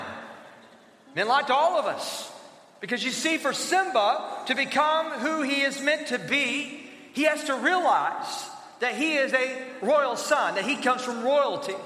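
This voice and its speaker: A man preaches with a high, bright, ringing voice. He is energetic and calls on the congregation to fill in his words. The sound fills a large church hall and carries a long, echoey reverb. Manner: energetic preaching with call-and-response prompts. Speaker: pastor. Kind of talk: sermon.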